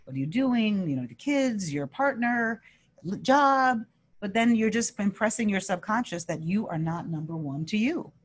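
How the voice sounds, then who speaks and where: A woman talking as an interview guest about wellness. She speaks with earnest energy, tumbling through restarts and fillers as her thoughts race ahead of her words. Her voice sits at an everyday middle pitch. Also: animated, moderate pace. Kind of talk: conversational interview.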